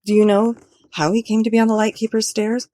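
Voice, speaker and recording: A woman reading the part of a panicked young woman calling down a cliff, loud and frantic. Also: a little high, little pitch movement, fairly quick, dry recording, pitched above the performer's own voice, close to an everyday voice. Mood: urgent. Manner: shouting, frantic.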